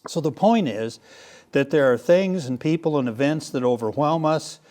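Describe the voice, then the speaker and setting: An older man teaching a Bible class in a relaxed lecture style, pausing often with fillers and restarts. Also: a little high. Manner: hesitant, many fillers and restarts. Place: room with a live class.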